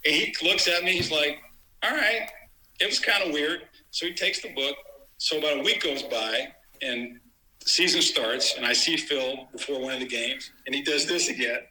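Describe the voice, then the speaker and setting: A man's voice: mid-range voice, normal speed, sharp tone, a little hiss or hum, rough recording. A middle-aged man, a former sportswriter and guest on an interview show, telling stories casually and animatedly, acting out quotes with many restarts. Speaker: guest, former basketball writer.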